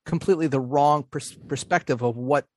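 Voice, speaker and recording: A man's voice: on the high side, fairly quick, darkish tone. A man co-hosting a podcast in casual chat, rambling and restarting his sentences, laughing often. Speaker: podcast co-host.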